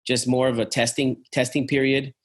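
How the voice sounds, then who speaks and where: A man's voice: mid-range voice, little pitch movement, normal speed. Chatty man with restless fillers. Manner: rambling, many fillers and restarts; uses "man" and "dude" often. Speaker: travel business owner. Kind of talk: casual business conversation.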